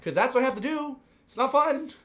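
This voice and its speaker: A man's voice: very high voice, animated, fairly quick, lo-fi sound, soft background music. A young American man living abroad, giving playful, exaggerated complaints in a comedic vlog. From United States.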